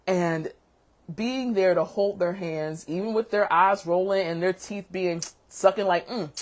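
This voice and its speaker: Low-voiced woman teacher telling stories. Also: a little slow. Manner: animated storyteller, calls people baby and sweetheart. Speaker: teacher and show host. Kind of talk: casual chat vlog.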